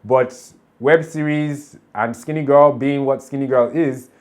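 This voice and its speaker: A man, talking through a show episode in a casual, animated way and often breaking into laughter. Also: medium pitch, measured pace. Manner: chatty, animated, laughs often while recapping. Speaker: TV show reaction vlogger. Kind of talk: casual episode recap and commentary.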